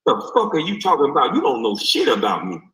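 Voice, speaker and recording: A man delivering a heated, profane rant in a streamed clip, forceful and animated. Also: fairly high pitch, fast. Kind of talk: heated ranting monologue. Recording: roomy echo.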